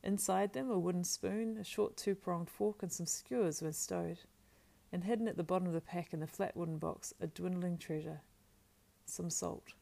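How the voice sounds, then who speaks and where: A woman narrating a storybook aloud in a steady, measured reading with small slips. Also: on the low side, creaky. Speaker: audiobook narrator.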